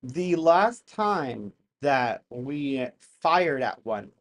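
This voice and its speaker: A young man hosting a live stream, reacting to videos with animated exclamations and jokes in casual commentary. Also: medium pitch, very slow.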